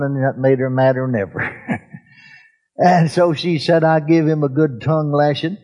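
A man preaching a sermon, telling folksy anecdotes in a drawn-out way. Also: on the high side, fairly even intonation, a little mellow. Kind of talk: sermon storytelling.

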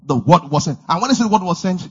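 A male preacher delivering a fervent sermon, repeating lines and swinging between shouted declarations and low murmurs. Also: animated, fast talker, husky, dull audio.

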